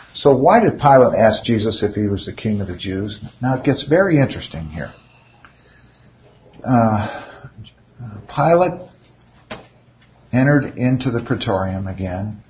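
A man's voice: lowish voice, dull audio, slight background noise. A man leading an informal Bible study, speaking conversationally and often putting rhetorical questions to his listeners.

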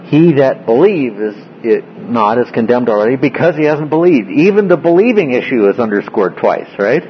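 A man's voice: medium pitch, big pitch swings, moderate pace, lo-fi sound, slight background noise. A man leading a classroom Bible study, explaining word by word and often checking in with his class. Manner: explanatory, asks frequent check-in questions.

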